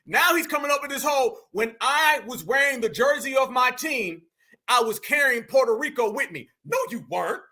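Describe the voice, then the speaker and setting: A man with hosts heated reaction commentary. His voice sits very high and sounds sharp and bright. He mocks and challenges his target with slang and a string of rhetorical questions. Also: expressive, normal speed. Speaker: commentary host.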